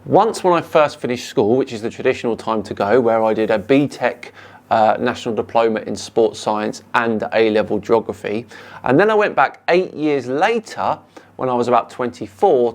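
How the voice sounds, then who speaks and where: A man with a British accent, calmly and sarcastically answering viewer comments as a channel host. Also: mid-range voice, normal speed. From United Kingdom. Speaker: YouTube science debunker host.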